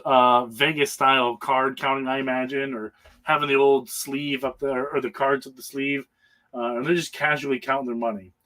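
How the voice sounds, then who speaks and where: A man's voice: medium pitch, a bit bright, rough recording. Rambling man recapping a comic. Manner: rambling, full of hesitations, chuckles often. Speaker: comic book panelist. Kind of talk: casual comic book recap.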